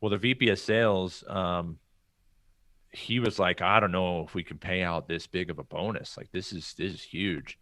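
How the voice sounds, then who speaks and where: A man's voice: low voice, normal speed, no echo. A man being interviewed on a podcast, casually telling stories from his career and acting out what other people said. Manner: animated storyteller acting out quoted people. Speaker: podcast guest.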